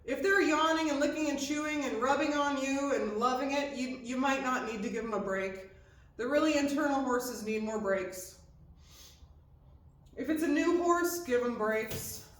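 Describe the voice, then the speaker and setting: High, echoey woman teaching horse care. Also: moderate pace. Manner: explains step by step, checks in with "okay?". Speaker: horse trainer. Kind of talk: hands-on instruction. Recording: echoey, distant mic with faint background noise.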